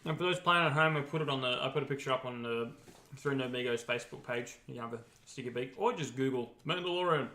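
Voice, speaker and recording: A man's voice: medium pitch, quick pace, pushed and bright. A man co-hosting a casual podcast chat, upbeat and steering the talk along. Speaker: podcast co-host. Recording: echoey room.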